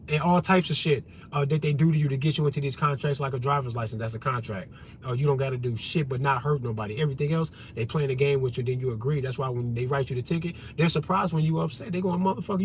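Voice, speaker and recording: A man's voice: a little high, slight background noise. A man hosting a livestream, ranting bluntly and profanely while reading out and answering his chat. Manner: profane, blunt, repetitive, addresses chat directly. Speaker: livestream host. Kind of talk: unscripted livestream rant.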